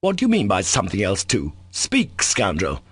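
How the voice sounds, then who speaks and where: A man voicing a furious, proud young Russian gentleman who shouts commanding accusations in an audiobook reading. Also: lowish voice, huge pitch swings, moderate pace, breathy edge, dry recording, full character voice.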